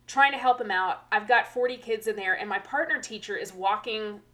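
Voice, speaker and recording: With a brisk, mid-range voice, this teacher and podcast co-host keeps the chat casual. Her storytelling is animated, and she performs the kids' voices herself.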